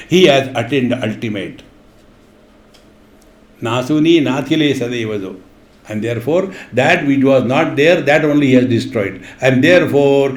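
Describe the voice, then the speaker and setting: A man giving a spiritual discourse, chanting verses and explaining them with playful stories and acted voices. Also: mid-range voice. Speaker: spiritual teacher. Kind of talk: spiritual discourse with humorous anecdotes. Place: retreat hall. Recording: echoey hall.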